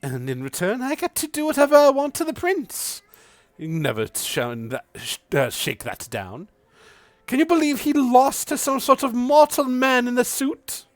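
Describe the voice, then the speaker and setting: A man's voice: huge pitch swings, moderate pace, no echo, heavily acted. Man putting on a flirty aristocratic mother. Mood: flirtatious. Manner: theatrical, teasing, swoops up high.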